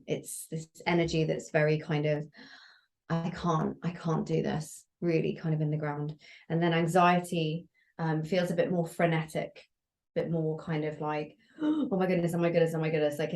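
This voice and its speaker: Woman guest, somatic practitioner, low voice, calm gentle delivery. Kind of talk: relaxed podcast conversation.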